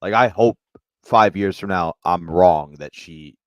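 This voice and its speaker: A man's voice: deep voice, measured pace, no echo, lo-fi sound. A man co-hosting a comedy podcast, agreeable and self-deprecating, laughing easily in casual chat.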